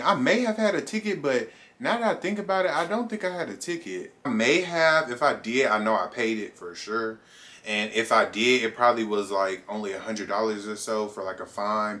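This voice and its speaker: A young man vlogging a casual storytime, animated and acting out his own reactions as he goes. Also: medium pitch.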